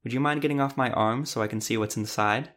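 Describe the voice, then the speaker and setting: A man's voice: medium pitch, fast talker, fairly bright tone, natural voice. A man narrator voicing a proud male doctor and monster hunter with a dry, understated manner. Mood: teasing.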